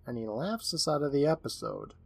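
A man's voice: medium pitch, sing-song, fairly quick, creaky, darkish tone, breathy edge, no echo. A man co-hosting a podcast, recapping a horror episode in casual chat and laughing often. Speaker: podcast co-host.

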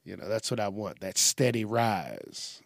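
A lowish, gravelly male voice with lively intonation takes its time, captured cleanly on a studio microphone with no room sound. He hosts a casual solo podcast, rambling profanely in a slight Southern twang and laughing often.

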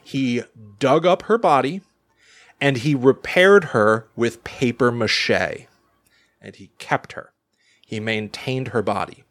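A man co-hosting a podcast, telling a story in casual chat with lots of restarts, fillers and laughs. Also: medium pitch. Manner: animated, halting storyteller with many restarts and laughs. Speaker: podcast co-host.

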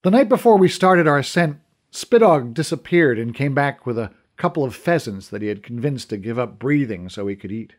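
A man's voice: a little fast, hardly any pauses. A man who is the author and narrator, reading a podcast novel aloud in a storytelling manner. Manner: storytelling, with lively, expressive pitch. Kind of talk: scripted audiobook narration.

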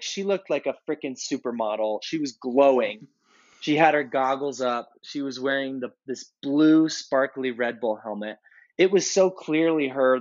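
A man tells a story on a casual podcast, rambling and often restarting his sentences. His voice sits at a middle pitch. The recording sounds a little dull and lo-fi. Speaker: podcast co-host. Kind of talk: casual chat.

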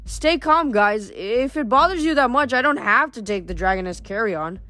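A woman's voice: on the high side, lively intonation, sharp tone, no echo, studio quality. A woman voicing a wisecracking, jumpy teenage boy mechanic in a read-aloud storybook. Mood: nervous. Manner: joking, fast-talking.

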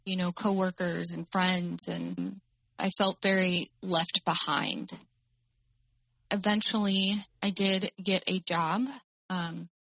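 Woman with a bright voice, halting. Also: lowish voice, no room sound, rough recording. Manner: halting, full of fillers. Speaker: guest. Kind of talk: personal storytelling in an interview.

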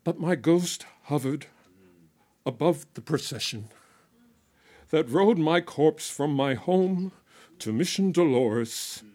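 A man playing the ghost of a merchant who died at thirty-eight, delivering a solemn, measured, proud monologue in dramatic storytelling style. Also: fairly high pitch, lively intonation, mellow, voice pushed up. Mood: solemn, wistful.

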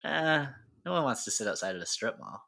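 A man's voice: medium pitch, very animated, a little fast, gravelly, sharp tone. A man with a Michigan accent co-hosting a sports podcast, chatty and playful, laughing often. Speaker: podcast co-host. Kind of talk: casual chat.

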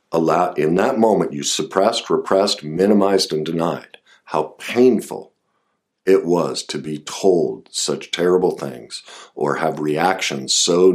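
A man giving an earnest self-help talk on grief and anger, coaching the listener directly. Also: deep voice. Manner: earnest, coaching, rises sharply when voicing anger. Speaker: therapist or self-help speaker.

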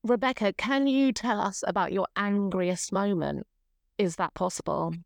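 A woman's voice: mid-range voice, normal speed, creaky, no echo, studio quality. A woman co-hosting a podcast, asking probing questions and analysing the answers. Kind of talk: casual podcast chat.

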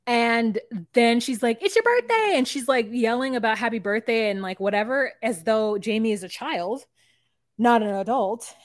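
Chatty, slightly high-voiced woman podcaster. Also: moderate pace, no room sound, clean studio sound. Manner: animated, swearing, mimics people in quotes. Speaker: podcast co-host. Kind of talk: casual reality TV recap chat.

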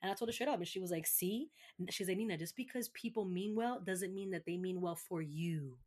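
A young woman from Massachusetts speaks fairly quickly in a lowish, darkish voice during a casual podcast chat. She's candid and profane, acting out what other people said.

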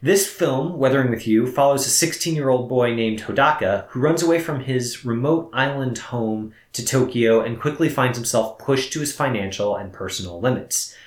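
Man, podcast film co-host, measured and explanatory, mid-pitched, echoey room. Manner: measured, explanatory, gently teasing. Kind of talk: conversational podcast talk. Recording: roomy echo.

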